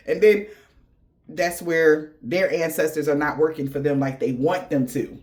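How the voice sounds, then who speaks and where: High-voiced man giving a slangy reading. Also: moderate pace, fairly bright tone. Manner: profane, slangy, laughing storyteller. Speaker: tarot reader. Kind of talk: casual spiritual reading.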